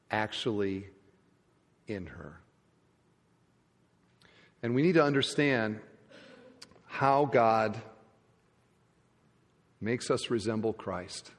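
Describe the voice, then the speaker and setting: A male pastor preaching a sermon, his voice rising loud and then dropping to hushed endings. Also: lowish voice. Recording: church hall reverb.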